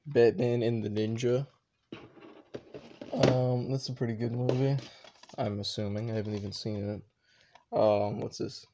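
A man's voice: mid-range voice, fairly even intonation, a little slow, long pauses, heavy background noise. A young man casually talking through his shelves at home in a rambling, unsure way, full of offhand asides. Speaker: vlogger.

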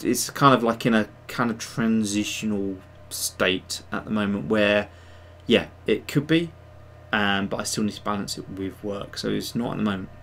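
A man's voice: on the low side, moderate pace, few pauses, a bit bright, a little hiss or hum. A man hosting a casual livestream, chatting to viewers in a rambling way with many fillers and restarts. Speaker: livestream host and digital sculptor.

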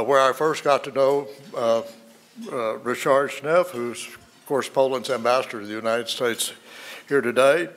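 A man, a former ambassador, giving formal introductions at a luncheon in a measured way with frequent fillers. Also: medium pitch, fairly bright tone.

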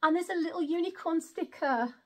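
A woman's voice: very high voice, brisk. A woman, chatting through an unboxing and exclaiming often. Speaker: vlogger. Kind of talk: casual unboxing chat.

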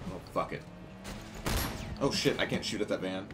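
A young man doing casual let's-play commentary, crude and joking, breaking into loud excited shouts. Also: low voice, moderate pace, pauses often, over music. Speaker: gaming YouTuber.

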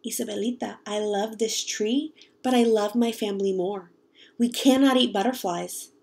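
Woman softly voicing a worried, gentle father. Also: medium pitch, fairly even intonation, moderate pace, gravelly, lightly acted. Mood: tender. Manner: soft hushed whispering.

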